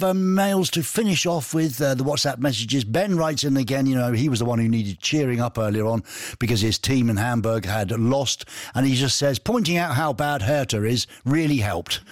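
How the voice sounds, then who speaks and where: A man's voice: medium pitch, fairly quick, no echo, clean studio sound. A man hosting a casual radio show, reading listener messages in a jokey, rambling way. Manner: jokey, rambling, laughs at own stories. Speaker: radio host. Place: radio studio.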